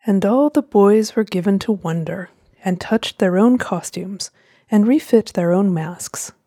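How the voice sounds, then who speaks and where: A woman reading a storybook aloud with a slow, gentle, expressive delivery. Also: medium pitch, no echo, clean studio sound.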